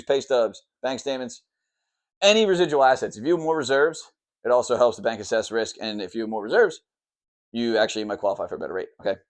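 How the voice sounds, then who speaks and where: Brief: fast-talking male mortgage lender at a whiteboard, rambling, mid pitch, keeps saying "okay". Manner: fast, rambling, full of "okay" and "all right" check-ins; says he talks fast and tries to slow down. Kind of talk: explaining the mortgage process.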